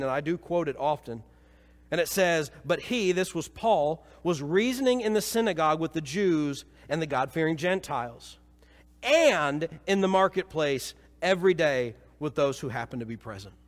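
A man from Missouri preaches to his church with a high voice that carries a long reverb through the hall. He tells his story with lively energy, then sinks into low, solemn appeals to the congregation. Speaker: pastor. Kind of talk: sermon.

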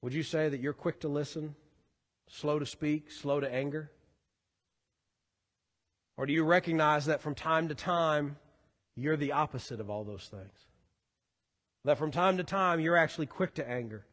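A man preaching a sermon as pastor, earnest, rising to fervent emphasis and sinking low again. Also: normal speed, pauses often, a bit bright. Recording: long hall reverb.

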